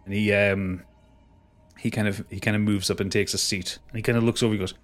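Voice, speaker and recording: A man's voice: on the low side, animated, moderate pace, long pauses, soft background music. A man narrating as game master in a casual, laughing way, often restarting his sentences.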